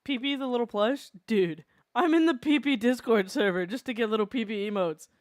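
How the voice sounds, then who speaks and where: A streamer chatting casually while drawing, telling animated stories and laughing often. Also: mid-range voice, brisk, no room sound, studio quality.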